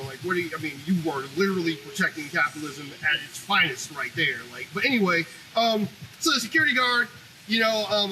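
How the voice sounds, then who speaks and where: Very high-voiced, piercing male ranter. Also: a little hiss or hum, low-quality recording. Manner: animated, profane, ranting. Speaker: commentary show host. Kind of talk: opinionated monologue.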